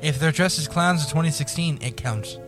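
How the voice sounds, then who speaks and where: A man's voice: fairly high pitch, brisk, fairly bright tone, faint music behind. A man co-hosting a casual group podcast chat, joking and talking over the others. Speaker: podcast co-host.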